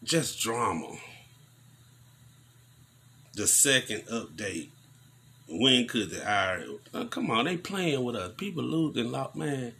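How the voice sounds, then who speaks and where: A man giving casual news commentary on a vlog, preaching in animated rants full of slang. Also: medium pitch, takes it slowly, vocal fry, long pauses, husky.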